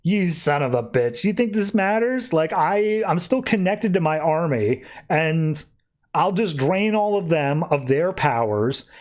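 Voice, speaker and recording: A man's voice: a little high, lively intonation, a little slow, darkish tone. A man voicing an arrogant, villainous male alien god-king in a casual comedic retelling, taunting and threatening. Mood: menacing.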